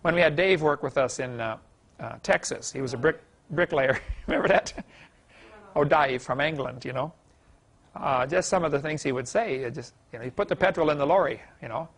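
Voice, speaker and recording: Gravelly, folksy man lecturing. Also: fairly high pitch, fairly quick, a bit bright. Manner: folksy, chuckling storyteller. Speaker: creation science lecturer. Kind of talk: classroom lecture with anecdotes.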